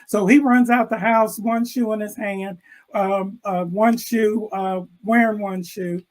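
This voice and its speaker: An older man, an educator, telling a classroom story with animated delivery and acting out the characters' lines over a video call. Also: high voice, unhurried, rough recording. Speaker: interview guest, educator. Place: room with bookshelves.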